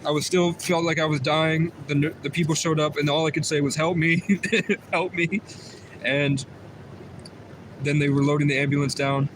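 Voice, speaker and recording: A man's voice: fairly high pitch, completely flat delivery, a little fast, background noise. A man on a livestream telling a long personal story in a rambling, repetitive way, often restarting his sentences. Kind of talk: livestream monologue.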